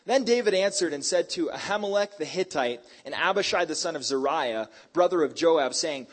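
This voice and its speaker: Hyper, husky-voiced male preacher. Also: on the high side, normal speed, hardly any pauses. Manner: hyper, animated storytelling with casual slang. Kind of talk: sermon.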